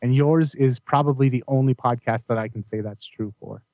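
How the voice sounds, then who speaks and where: A man's voice: mid-range voice, moderate pace, a little mellow, no room sound. Appreciative male podcast guest, dry sound. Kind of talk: casual interview chat.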